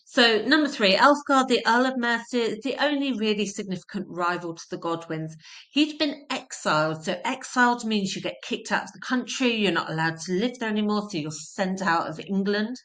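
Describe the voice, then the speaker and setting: A woman's voice: mid-range voice, normal speed, a bit bright. A woman teaching a history lesson, explaining terms simply and repeating key points for emphasis.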